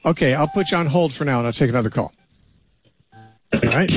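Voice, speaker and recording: A man's voice: medium pitch, brisk. A man hosting a call-in radio show, talking directly and steering callers firmly.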